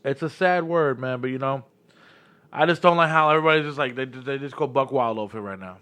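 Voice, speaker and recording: A man in his thirties with a New York-area accent, hosting a podcast and telling stories in lively, slangy casual chat. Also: mid-range voice, fast, clean tone. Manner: animated storytelling, slangy, repeats words. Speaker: podcast host.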